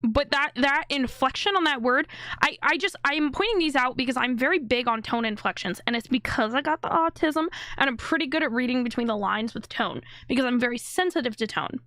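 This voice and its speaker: A woman's voice: sits high, brisk, sharp tone, dry recording, studio quality. A woman streamer giving live reaction commentary on a video, blunt and indignant, swearing freely.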